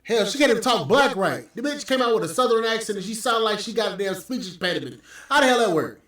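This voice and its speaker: High-voiced man ranting in an echoey room. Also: lively intonation, fast talker, a bit bright. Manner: profane, ranting, scornful. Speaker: podcast host. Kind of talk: heated podcast commentary. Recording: very echoey room, mic at distance.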